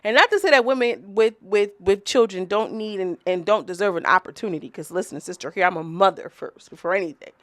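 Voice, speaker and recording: A woman's voice: medium pitch, a little fast, few pauses, a bit bright, no room sound. A woman reviewing a reality show episode in a casual vlog, chatty, rambling and profane as she talks straight to her viewers.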